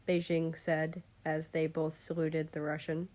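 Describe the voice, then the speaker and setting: A woman reading a fan story aloud in calm, measured narration. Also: low voice. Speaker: story reader.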